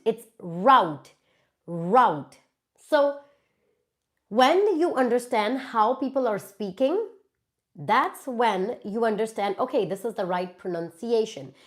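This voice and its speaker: A woman's voice: fairly high pitch, animated, unhurried. A woman with an Indian English accent hosting a casual live Q&A, answering viewer questions in an emphatic way and repeating words for stress.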